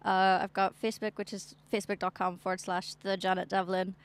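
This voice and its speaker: Speaking a little fast with a level tone, this young woman from Northern Ireland, a singer-songwriter guest, talks informally in an interview out on a balcony. Her mid-range voice is clear and resonant, and she frequently laughs and lets sentences trail away.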